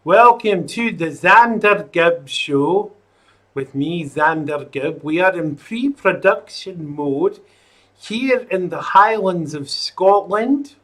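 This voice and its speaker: A hammy Scottish showman who draws out every word with a jokey, exaggerated brogue, as a man puts him on. His voice sits a little high for a man, and he takes his time. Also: lively intonation, takes it slowly, fairly bright tone, full character voice. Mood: playful. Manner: playful, exaggerated put-on brogue. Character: hammy Scottish male show host.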